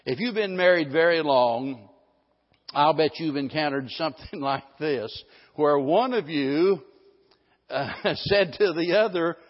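A man's voice: fairly high pitch, measured pace. A middle-aged male pastor preaching a sermon in a folksy, rambling way, often restarting his sentences. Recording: dull lo-fi sound with a long hall reverb.

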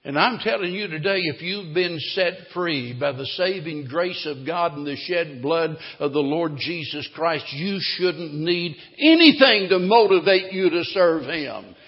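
A man preaching a sermon in a church, telling a story dramatically and swinging between loud and hushed delivery. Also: a little high, measured pace, creaky, hardly any pauses. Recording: dull recording, long hall reverb.

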